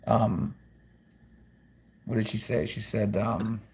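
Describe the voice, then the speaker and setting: A man's voice: lowish voice, takes it slowly, slightly rough. Man vlogging from home; loose, profane, rambling delivery. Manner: rambling, profane, frequent restarts. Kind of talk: casual rambling monologue.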